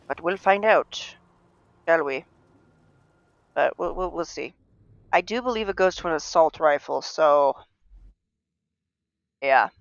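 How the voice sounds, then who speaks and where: A man's voice: on the high side, measured pace, pauses often, no echo, muffled recording. A man streaming a game live, rambling and talking to himself as he plays. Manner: rambling, self-talking, full of restarts. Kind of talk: rambling live gameplay chat.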